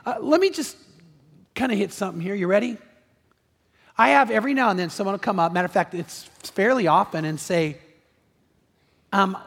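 A high-pitched man preaching in an earnest, repetitive way, often turning to the congregation with questions. His voice rings through a large, reverberant church hall with a long tail. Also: fairly bright tone. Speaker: pastor. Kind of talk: sermon.

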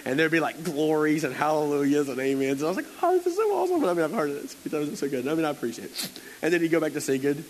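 A man's voice: fairly high pitch, steady tone, very fast, rough recording. A man preaching a conversational sermon, telling stories in a chatty, playful way with lots of fillers and acted-out quotes.

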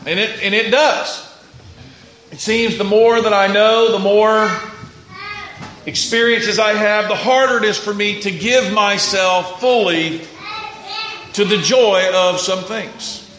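A man preaching a sermon as pastor, dropping to hushed prayer and rising to loud rapid exhortation, asking the congregation for responses. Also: sits high, fairly even intonation, echoey room, a little hiss or hum, rough recording. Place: church sanctuary.

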